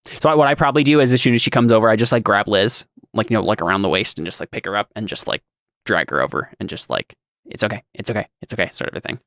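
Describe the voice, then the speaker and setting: A man's voice: lowish voice, fast talker, fairly bright tone, no echo, clean studio sound. A man chatting casually as a player in a tabletop game.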